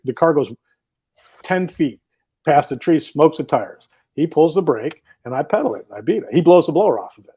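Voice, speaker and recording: A drag racing driver joins a casual talk show interview over a video call, telling stories with rambling enthusiasm. His voice is fairly high-pitched, warm, and husky.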